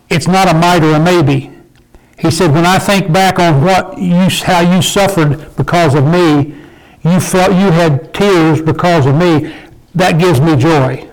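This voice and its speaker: A man's voice: on the high side, poor audio. An older man teaching an informal Bible study in a folksy way, often checking in with his listeners. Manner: folksy, asks the group "okay?" and "did we?".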